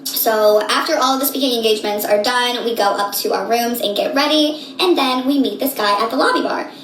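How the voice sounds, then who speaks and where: A woman in her late twenties telling a story casually, animated and slangy, acting out what people said. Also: a little high, a little fast, echoey room, low-quality recording. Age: late 20s. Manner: animated, slangy, acts out quotes.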